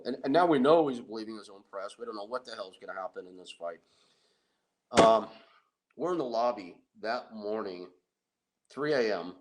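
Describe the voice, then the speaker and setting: Animated middle-aged man telling stories. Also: on the low side, normal speed. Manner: animated, self-deprecating, laughs often. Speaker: wrestling and MMA manager. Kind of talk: anecdotal storytelling.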